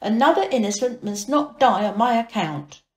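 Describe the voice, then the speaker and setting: A woman's voice: on the high side, moderate pace, natural voice. A woman doing a panicked, guilt-ridden doctor. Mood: alarmed. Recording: echoey room.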